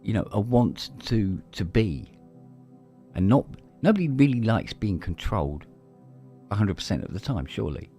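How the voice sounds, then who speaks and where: A middle-aged man talks in casual podcast chat, his voice low and mellow. He tells stories loosely, swearing freely and restarting sentences. Faint music plays behind him. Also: sing-song, normal speed. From London, England. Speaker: podcast co-host.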